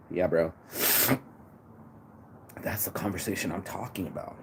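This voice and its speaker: A man's voice: deep voice, steady tone, normal speed, long pauses. Profane man ranting over traffic. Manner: profane, preachy, calls listener bro. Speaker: motivational vlogger. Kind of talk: casual motivational rant. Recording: loud traffic noise behind.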